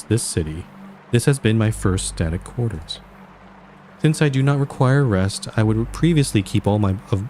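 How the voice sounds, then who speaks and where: A man voicing a formal, stiff female angel guardian in measured, flat tones, reading game dialogue aloud. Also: on the low side, slight background noise, close to an everyday voice.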